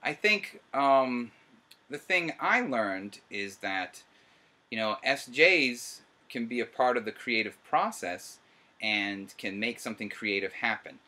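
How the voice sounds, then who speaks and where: A middle-aged man hosting a casual commentary chat, excitable and quick to laugh. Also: medium pitch. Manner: animated, laughs often, excitable. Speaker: host.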